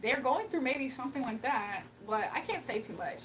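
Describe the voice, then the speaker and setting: A woman's voice: sits high, very animated, moderate pace, hardly any pauses, recorded from a distance, noisy background. A young woman with a Southern accent, chatting casually on a livestream as she reads out comments and laughs often. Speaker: livestreamer and spiritual reader. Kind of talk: casual livestream chat, reading comments aloud. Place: home room.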